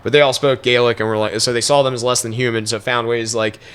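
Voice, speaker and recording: A man's voice: mid-range voice, flat delivery, quick pace, a bit bright, clear, resonant tone. A young man co-hosting a podcast, telling loose, profane stories with lots of fillers in casual chat. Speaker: podcast co-host.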